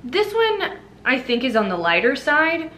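A woman's voice: sits high, big pitch swings, measured pace, sharp tone, a little hiss or hum. A young adult woman retelling a fairy tale for a movie review vlog, chatty and full of fillers. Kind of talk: casual storytelling review.

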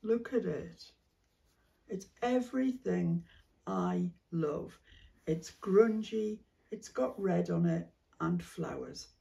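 Gravelly woman chatting off-mic. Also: fairly low pitch, slow pace, distant mic, dull audio. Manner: chatty, musing, drops into soft whispered asides. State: coughing now and then. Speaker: craft vlogger. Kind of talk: casual chat while sorting fabric.

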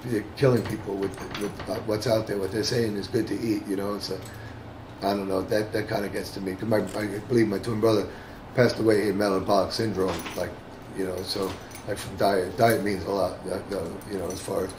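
A bass player and singer, from the Bronx, talking casually in an oral-history interview with many fillers and restarts. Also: male voice, level tone, brisk. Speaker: bassist and singer. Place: room with other band members. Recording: roomy echo with clear background noise.

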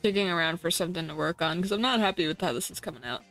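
A woman's voice: fairly low pitch, animated, very fast, a bit bright, soft background music. A woman streaming while she draws, chatting casually, laughing and swearing now and then into a desk mic without a pop filter. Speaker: art streamer. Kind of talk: casual chat while drawing.

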